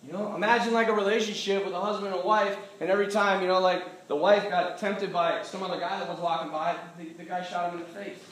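A man preaching a sermon as pastor, animated and joking as he acts out voices. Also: sits high, quick pace, few pauses, slight background noise. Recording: echoey hall from far off.

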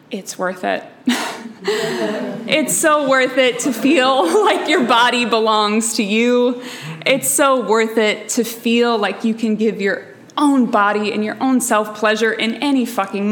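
A woman's voice: a little high, fairly bright tone. A young adult woman telling an intimate personal story on stage, emotional and reflective. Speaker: storyteller and guest.

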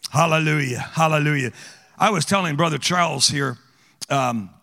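A man's voice: a little high, moderate pace, creaky, in a large hall. A man speaking as a guest preacher, teasing and joking with his audience in a church auditorium. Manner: animated, teasing, calls out to the audience. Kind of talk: playful sermon with audience interaction.

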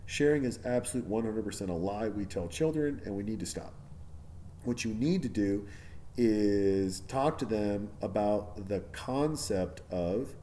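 Profane, animated man ranting. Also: medium pitch, slight background noise. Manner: profane, animated, keeps asking "right?"; acts out other people's voices in quotes. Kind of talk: casual monologue rant.

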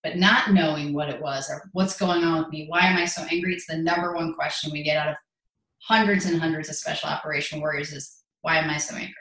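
A woman's voice: low voice, steady tone, fast talker, a bit bright, roomy sound, poor audio. A woman in her forties speaking as an interview guest, earnest and self-deprecating as she recalls her path. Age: 40s. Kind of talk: conversational interview.

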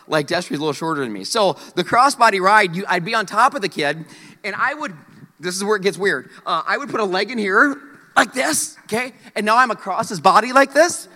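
A man preaching a sermon, telling a story in an animated, joking way. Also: high voice, a little fast, in a large hall. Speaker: pastor.

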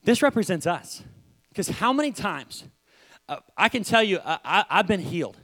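A young male preacher tells stories in an animated sermon, often repeating himself and breaking into shouts. His voice sits high and swings widely in pitch. His tone is bright and forceful. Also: normal speed.

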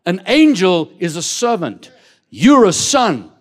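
A man preaching a sermon as an apostle, animated and emphatic, often repeating words as he builds to loud peaks and asking the congregation direct questions. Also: high-pitched, takes it slowly.

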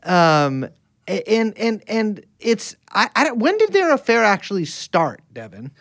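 A male podcast co-host who rambles crudely, joking and breaking off mid-thought. His pitch swings widely with animated energy, and the recording is dry and close with no room sound. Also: a little slow, no echo. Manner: rambling, crude, jokey, trails off and restarts. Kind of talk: casual podcast chat.

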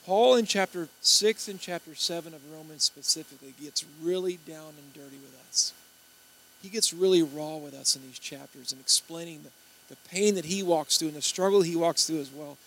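A man delivers a sermon to his congregation, his voice sitting fairly high for a man. He tells stories and slips into the voices of the people he quotes as he goes. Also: moderate pace, fairly bright tone, low-quality recording. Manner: storytelling, acting out quoted voices. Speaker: pastor.

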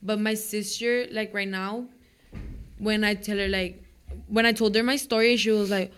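A woman's voice: mid-range voice, normal speed, clean tone. Chatty teenage girl telling a ghost story. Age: teens. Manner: animated, says like often, acts out quotes. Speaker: student club member. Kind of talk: casual storytelling chat.

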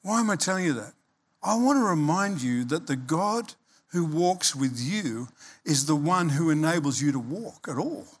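A man preaching a sermon as pastor, animated and emphatic, acting out quoted voices. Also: fairly high pitch, moderate pace, breathy edge.

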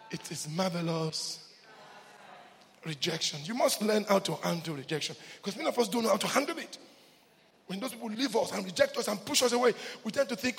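High, gravelly-voiced preacher man in a reverberant hall. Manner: swings from hushed to shouting, repeats key words. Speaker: pastor. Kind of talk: sermon. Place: church.

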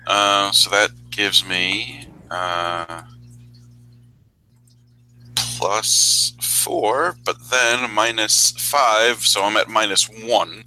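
A man playing a tabletop game, slowly working out his dice rolls aloud. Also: fairly low pitch, bright, forceful tone, slight background noise, low-quality recording. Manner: slow, counting aloud. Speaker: player.

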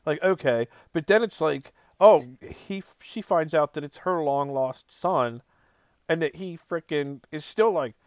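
A man co-hosting a podcast, chatting casually about a film, animated and acting out quotes with lots of "like". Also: fairly high pitch, a little slow, dry recording, clean studio sound. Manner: animated, acts out quotes, frequent "like". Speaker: podcast co-host.

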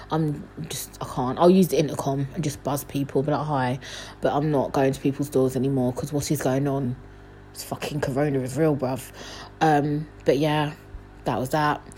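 A young woman telling a casual storytime to her viewers, jumping up in pitch when she quotes herself. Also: husky. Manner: animated, jumps high when quoting herself. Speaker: vlogger. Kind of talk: casual storytime chat to camera.

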